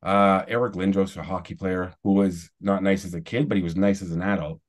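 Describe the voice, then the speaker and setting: Brisk and steady in tone, his voice pitched low, a Canadian man in his forties appears as a podcast guest. The celebrity YouTuber rambles through stories in casual chat, stopping to restart and tossing in chuckled asides.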